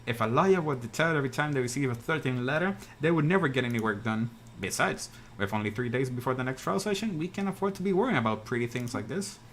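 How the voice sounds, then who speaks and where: A man's voice: mid-range voice, animated, fast talker, hardly any pauses, a bit bright, a little hiss or hum, close to an everyday voice. A man voicing a bold male bird defense attorney who speaks in a firm, commanding way. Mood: determined. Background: game music.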